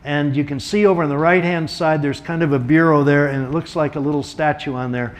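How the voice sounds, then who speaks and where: A man's voice: on the high side, fairly even intonation, fairly quick. A man giving a storytelling talk as a guest speaker, conversational and anecdotal, with offhand asides.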